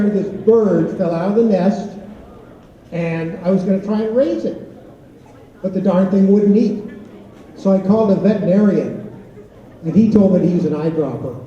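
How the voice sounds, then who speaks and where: A middle-aged man, a teacher, doing a stand-up routine of rapid one-liner jokes at a school talent show. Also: sits high, dark tone. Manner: rapid-fire one-liner joke telling. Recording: echoey, distant, lo-fi auditorium recording.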